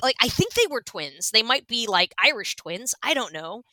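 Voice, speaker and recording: Animated, bright-voiced woman telling a story. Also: a little high, moderate pace, dry recording. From Washington state, US. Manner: animated, acts out voices in quotes, many fillers. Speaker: podcast co-host. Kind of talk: casual storytelling chat.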